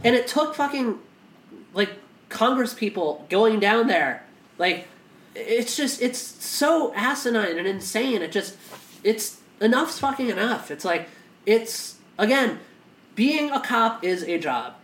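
In an echoey room, a man with a high, fairly bright voice and lively intonation speaks slowly. He co-hosts a casual podcast conversation with impassioned, profane intensity, frequently restarting his sentences.

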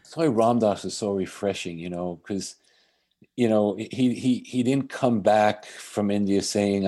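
Low-ish guy telling stories on a podcast, reflective, keeps restarting. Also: moderate pace, dark tone. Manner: reflective, anecdotal, with frequent restarts. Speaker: guest. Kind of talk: storytelling in a podcast conversation.

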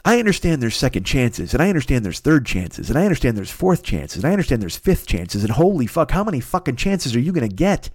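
A man's voice: big pitch swings, fast, hardly any pauses, no room sound. Profanity-heavy ranting man, dry sound. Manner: heavy swearing, ranting, incredulous; mocks others in a high whiny voice. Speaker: podcast host. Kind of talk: profane comedic rant.

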